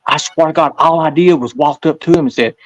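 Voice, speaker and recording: This Southern guest speaks a bit high and a bit fast, wandering through his stories in a relaxed interview and voicing the characters in them. He repeats himself often. The audio is poor, though there's no echo.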